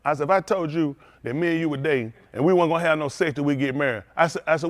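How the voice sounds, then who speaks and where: A man preaching a sermon as pastor, telling stories with lively calls out to his congregation. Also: fairly high pitch, rapid-fire, dry recording.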